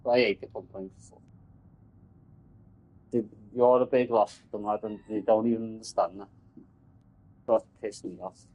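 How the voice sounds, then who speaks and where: A man's voice: fairly low pitch, normal speed, pauses often, lo-fi sound. Sweary Scouse man ranting about work. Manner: sweary, rambling, animated. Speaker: telecom engineer. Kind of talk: casual chat.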